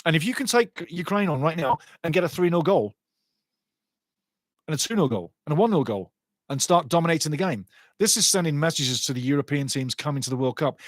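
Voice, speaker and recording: Excitable man, high voice. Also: fairly quick, no room sound. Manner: excitable, repeats catchphrases, laughs loudly. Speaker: watchalong host. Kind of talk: excited live match commentary.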